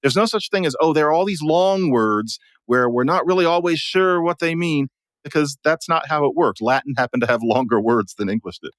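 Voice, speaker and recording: A man talking in an animated, emphatic way as a regular guest commentator, explaining his ideas in a conversation. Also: on the high side, fairly quick, no echo. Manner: animated, emphatic, plays with sounds and voices.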